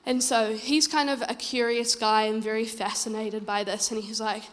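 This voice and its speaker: A woman's voice: a little high, little pitch movement, normal speed, long reverb tail. Earnest New woman preaching. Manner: earnest, urging, conversational storytelling. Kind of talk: sermon. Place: church.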